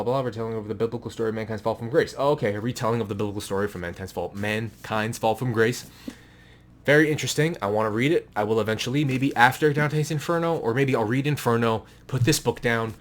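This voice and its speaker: In this casual chat, a vlogger shows his books to the camera from home, speaking at medium pitch. His manner is offhand and a little crude, he rambles and corrects himself as he goes, and some noise in the room is distracting.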